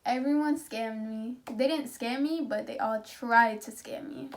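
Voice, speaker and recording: A woman's voice: fairly high pitch, measured pace, no room sound. A young woman vlogging in a casual, rambling rant, frustrated and swearing as she talks. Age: young adult. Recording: distant phone mic with loud road noise.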